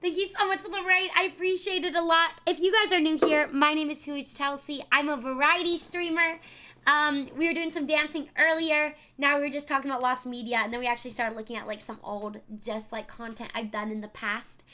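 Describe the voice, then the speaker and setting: A woman's voice: sits high, steady tone, a little fast, sharp tone, faint music behind. A young woman streaming live, chatting casually and effusively thanking viewers by name. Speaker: variety streamer.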